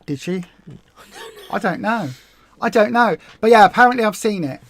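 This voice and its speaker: Chatty woman on a livestream. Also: medium pitch. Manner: chatty, excitable, quick asides. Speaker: co-host of a weight loss livestream. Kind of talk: casual livestream chat.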